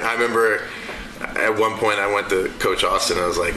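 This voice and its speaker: A man recalls a locker room clash and acts out every quoted line. His voice is bright and forceful. The sound is roomy, with faint background noise. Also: on the low side, fairly quick. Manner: animated storyteller who acts out quotes. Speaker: former player telling a story. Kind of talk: recorded podcast storytelling.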